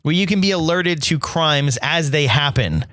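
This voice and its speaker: A man hosting a casual pop culture chat, telling stories in an animated, chatty way. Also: fairly high pitch, moderate pace, no echo, studio quality. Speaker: podcast host.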